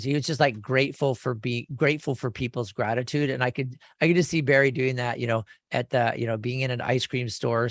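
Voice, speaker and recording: A man's voice: mid-range voice, no echo, studio quality. A man in his fifties hosting a radio show, talking in a rambling, enthusiastic way with frequent restarts. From California. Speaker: radio show host and lawyer. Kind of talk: casual radio talk.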